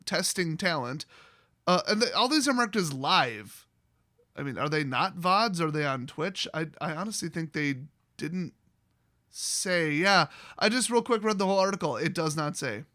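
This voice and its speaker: An American man ranting sarcastically as host of a commentary video, mocking and animated. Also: sits high, dry recording, studio quality. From United States.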